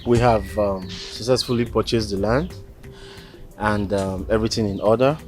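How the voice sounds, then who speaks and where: An actor with a Nigerian accent playing a hesitant businessman who pauses with "um" between phrases. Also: fairly low pitch, soft background music, close to an everyday voice. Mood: businesslike. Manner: hesitant, full of um. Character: hesitant businessman funding a project. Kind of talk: Nollywood film acting.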